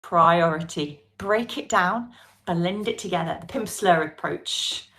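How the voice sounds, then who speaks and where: Unhurried British woman teaching pronunciation. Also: fairly low pitch. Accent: British English. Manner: lively, coaxing, drills sounds slowly and repeats them. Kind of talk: live online pronunciation lesson.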